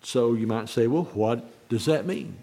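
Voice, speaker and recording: A man preaching on a Bible verse, halting and restarting often, repeating key phrases slowly. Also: medium pitch, gravelly, dark tone. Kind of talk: sermon, unscripted Bible teaching.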